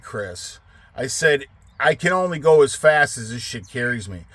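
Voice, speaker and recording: A man's voice: on the high side, lively intonation, moderate pace, fairly bright tone. A middle-aged man who runs a trucking business, casually telling a long story, rambling and swearing, getting heated as he retells it. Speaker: trucking company owner.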